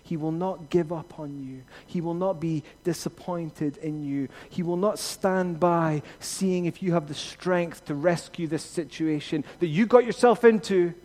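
A man preaching a sermon as pastor, rising to emphatic peaks and then dropping to quiet reassurance. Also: on the high side, a little slow, hardly any pauses.

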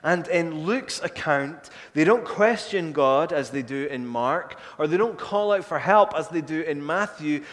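A man preaching a sermon, earnest, building to urgent pleading and then falling soft and low. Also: expressive, unhurried, few pauses. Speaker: pastor. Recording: long hall reverb.

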